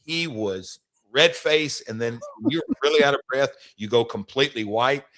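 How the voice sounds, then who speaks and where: This guest on a sports radio interview is a middle-aged wrestling promoter and team partner from Nashville, Tennessee. His medium-pitched, fairly bright voice moves at a moderate pace as he spins enthusiastic stories in promoter's patter. He frequently restarts his sentences.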